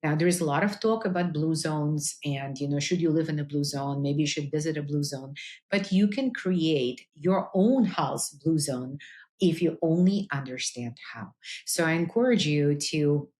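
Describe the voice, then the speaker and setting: A woman's voice: low-pitched, moderate pace, darkish tone. A woman cardiologist hosting a health podcast, speaking earnestly to listeners with frequent "uh" fillers. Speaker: integrative cardiologist, podcast host. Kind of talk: personal health talk to listeners.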